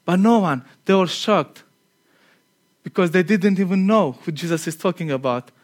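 High-voiced man preaching conversationally. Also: lively intonation, normal speed. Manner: chatty and earnest, laughs at himself, drops to a quiet tone for emphasis. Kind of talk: conversational sermon.

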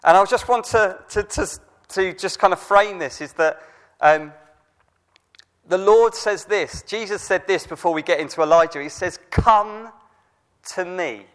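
A man's voice: high-pitched, moderate pace. A man in his thirties, a youth worker preaching an informal sermon with a chatty delivery, many fillers and restarts, and direct questions to the audience. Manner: conversational, with frequent fillers and restarts.

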